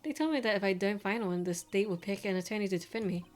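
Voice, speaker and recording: A woman's voice: medium pitch, fast talker, natural voice. A woman reading game lines aloud as a polite, apologetic young spirit medium in training. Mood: worried.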